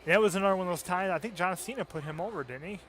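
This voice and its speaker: Relaxed man chatting over a game. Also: high-pitched, racing. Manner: relaxed rambling chat with chuckles. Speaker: co-host. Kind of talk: casual game commentary.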